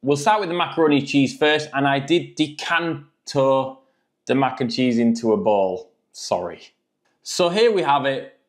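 A man's voice: mid-range voice, expressive, measured pace. A man reviewing frozen food in a jokey, chatty vlog.

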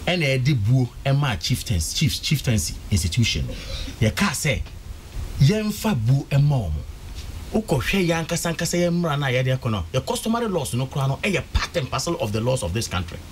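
A man's voice: medium pitch, sing-song, a little fast, a little hiss or hum. A Ghanaian man talking politics on a studio panel, emphatic and repeating words for stress. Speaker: political commentator.

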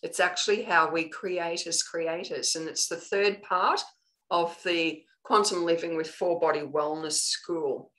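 A woman with an Australian accent giving a live online spiritual lesson. She coaches earnestly and keeps checking in with her listeners with a quick "okay". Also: on the low side, fairly even intonation, a bit bright, rough recording. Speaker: spiritual teacher.

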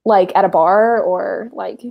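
A young woman with a Texan twang chats her way through a book club livestream, rambling and joking at her own expense. Her voice has a gravelly, creaky edge, and the sound is the plain pickup of a video call. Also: mid-range voice, fairly even intonation, unhurried, lo-fi sound. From Texas. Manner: chatty, rambling, self-deprecating. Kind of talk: casual livestream chat.

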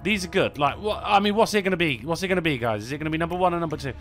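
A man streaming a video game, chatting with viewers, excitable and swearing, yelling when things go wrong. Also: a little high, very fast, soft background music. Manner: excitable, sweary, yells in panic. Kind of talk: live game commentary.

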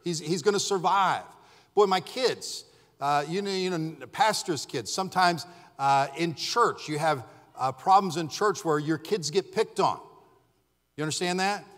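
A middle-aged male pastor preaching in a church, his voice sitting a bit high for a man. He tells stories animatedly and acts out what people said, rising to shouts at the peaks. A long reverb from the sanctuary hangs on his words. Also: measured pace. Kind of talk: sermon.

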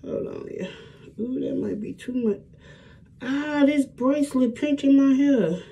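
A woman's voice: sits high, animated, measured pace, gravelly, mellow, husky. Chatty middle-aged woman vlogging at home. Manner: chatty, addresses viewers as y'all, Southern US speech. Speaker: hair vlogger. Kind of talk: casual vlog chat.

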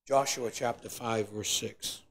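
A pastor preaching a sermon in church, swinging between quiet, low passages and loud, climbing emphasis as he acts out complaining voices. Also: steady tone, unhurried. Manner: preaching with rising shouted emphasis, acting out complainers. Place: church sanctuary.

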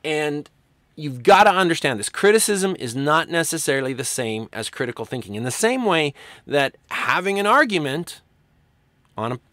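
In a casual recorded lecture, a male college writing instructor explains with very animated delivery, his pitch moving freely, at a normal pace and in a fairly bright tone. He briefly performs quoted lines as he goes, and the audio is close and dry without any room echo.

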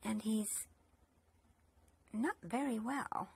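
High, slow-talking children's storyteller woman. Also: animated, creaky, husky. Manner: coaxing, talks to the boys and girls. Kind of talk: children's show narration.

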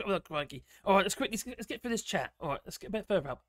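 Excitable man chatting on a livestream. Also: high-pitched, fast, dry recording, clean studio sound. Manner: excitable, exclaims often, rambling. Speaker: livestream host. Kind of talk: casual chat reading viewer comments.

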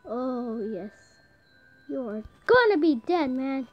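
High-pitched young woman gaming, super excitable, voice jumps all over, yelling and cussing. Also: takes it slowly. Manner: excitable, shouting and swearing at the game. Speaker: gamer. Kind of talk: casual gameplay commentary.

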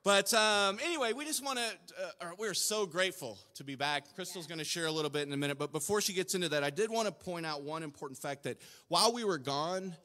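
A man on the church staff talking to the congregation, earnest and a little emotional, halting and restarting, recorded in a church sanctuary. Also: sits high, pushed and bright. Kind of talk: casual address to congregation. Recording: long reverb of a church hall.

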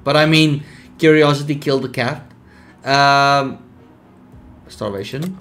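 A young man casually commenting on a survival game, reading its text aloud, laid-back and sleepy with sudden bursts of excitement. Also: medium pitch, takes it slowly, soft background music. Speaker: streamer.

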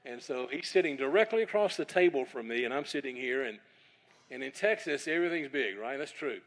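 A middle-aged male preacher tells a humorous anecdote from the pulpit. He has a mid-pitched voice and a lively, conversational storytelling manner. He keeps stressing that every word is true. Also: brisk. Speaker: conference speaker, preacher. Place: church, evening service.

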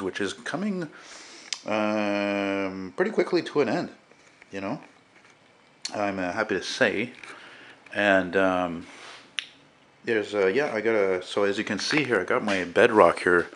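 A man's voice: fairly low pitch, a little hiss or hum. A man casually rambling and swearing as he shows his painting in a home vlog. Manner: rambling, profane, relaxed. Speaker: artist vlogger. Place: at home beside a window.

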